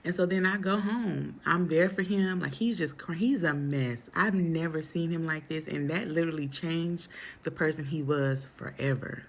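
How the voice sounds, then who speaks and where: Young woman vlogger, lowish gravelly voice, lively slangy storytime delivery. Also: moderate pace. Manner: animated, dramatic retelling with slang. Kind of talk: casual storytime chat.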